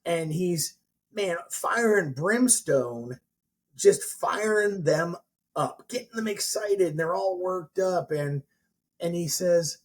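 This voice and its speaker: Husky high-voiced man telling stories. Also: lively intonation, slow pace. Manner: rambling storyteller with many restarts. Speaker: mortgage professional and educator. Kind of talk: casual podcast chat.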